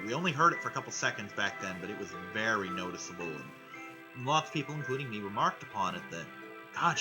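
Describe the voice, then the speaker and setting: Over background music, a man vlogger with a voice on the low side rambles enthusiastically and casually through a cartoon episode recap, throwing in swearing. The recording sounds rough.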